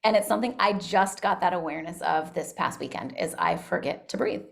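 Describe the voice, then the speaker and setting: A woman's voice: on the low side, a little fast, gravelly. A woman working as a school social worker, talking casually on a video call in a chatty way with many "like" fillers. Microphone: video call microphone.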